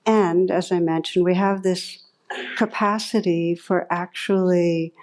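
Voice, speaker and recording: Brief: woman teacher, lowish voice, relaxed storytelling to a live group. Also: takes it slowly. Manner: warm storytelling, lively when recounting anecdotes. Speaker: meditation teacher. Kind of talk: dharma talk to a live audience.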